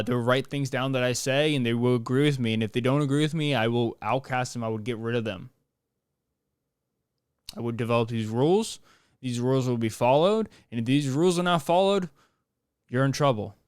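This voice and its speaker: A man's voice: medium pitch, moderate pace, clean tone, no echo, studio quality, lightly acted. A man voicing a grandiose male cult leader with an odd put-on accent, making commanding, self-important proclamations.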